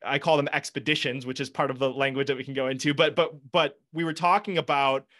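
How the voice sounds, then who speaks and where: A man's voice: mid-range voice, steady tone, fast talker, a bit bright. A man hosting a podcast in casual interview chat, earnest and rambling, often restarting his sentences and swearing a little. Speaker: podcast host. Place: home studio with foam panels.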